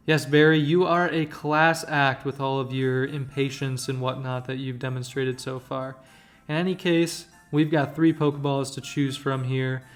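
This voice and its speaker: A man's voice: mid-range voice, level tone, normal speed, faint music behind. Joking let's-play commentator, man. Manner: joking, rambling. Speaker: gaming channel host.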